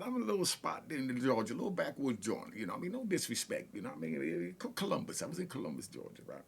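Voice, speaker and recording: A man's voice: mid-range voice, creaky, a bit bright, slightly rough. A man hosting a reaction video, telling rambling stories from his past with lots of "you know what I mean". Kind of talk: casual storytelling.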